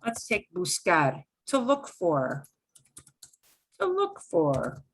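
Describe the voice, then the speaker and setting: A woman's voice: lowish voice, huge pitch swings, extremely slow. A middle-aged woman teaching a beginner Spanish lesson online, explaining rules step by step with playful exclamations.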